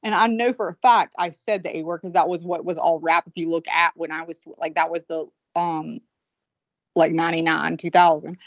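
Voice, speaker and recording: A woman's voice: fairly low pitch, fairly even intonation, normal speed, no echo. Blunt Southern woman, profane storyteller. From American South. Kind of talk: casual chat. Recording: dull, lo-fi sound.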